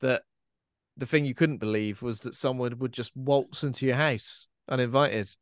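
A man co-hosting a podcast in casual chat, lively, with quick asides that sometimes trail off quietly. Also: medium pitch, no room sound, clean studio sound. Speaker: podcast co-host.

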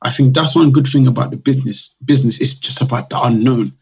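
A man's voice: medium pitch, fast talker, creaky, breathy edge, low-quality recording. A man, a drinks business founder telling stories in a casual podcast interview, acting out his customers' voices. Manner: chatty storyteller, acts out customers' voices. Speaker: guest, drinks brand founder.

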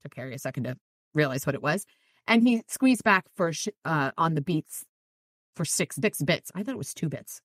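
A woman with a low-pitched, animated voice hosts a podcast, casually recapping a novel at a moderate pace in a dry recording. She reads quoted passages from the book in light voices and adds chatty asides.

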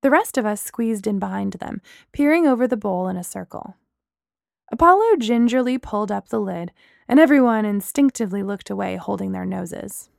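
Gravelly woman reading a first-person story. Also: medium pitch, animated, moderate pace, no room sound, clean studio sound. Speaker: narrator. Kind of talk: first-person audiobook narration.

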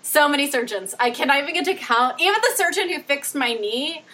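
A woman's voice: sits high, lively intonation, a little fast, bright, forceful tone. A woman in casual chat, wry and sarcastic, swearing freely.

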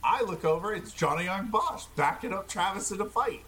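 A man's voice: sits high, lively intonation, brisk, sharp tone, slight background noise. A man casually telling a rambling story, laughing often. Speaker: podcast co-host.

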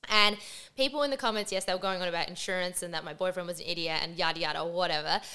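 A woman vlogger in her twenties with an Australian accent tells a personal story to camera, chatty and full of "like" fillers. Her voice sits on the low side yet sounds pushed and bright, racing along smoothly, with phrase endings curving upward in a sing-song lilt.

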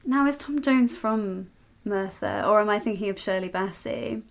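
A woman's voice: medium pitch, normal speed, vocal fry. A woman co-hosting a casual chat podcast with a mid-range voice. She talks in an easy, enthusiastic, conversational way. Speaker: podcast co-host.

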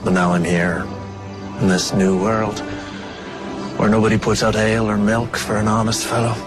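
A man's voice: on the low side, level tone, normal speed, natural voice. An actor with a stage Irish accent playing a roguish male fairy who talks in a boastful, folksy way. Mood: sly. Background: music.

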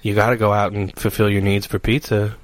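A man's voice: on the low side, little pitch movement, a little fast, slight background noise. A man co-hosting a casual podcast, crude and joking, laughing often. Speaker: podcast co-host.

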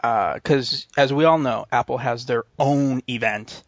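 A man's voice: mid-range voice, measured pace, no echo, highs cut off. A man with a West Coast American accent co-hosting a casual tech news podcast, rambling with restarts and laughing often. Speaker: podcast co-host.

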